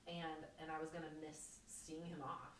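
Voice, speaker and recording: A woman guest on a podcast, telling a story in an animated, rambling way with many restarts, recorded in a home kitchen. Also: low-pitched, moderate pace, slight background noise. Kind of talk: casual chat, storytelling. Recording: roomy kitchen, distant mic.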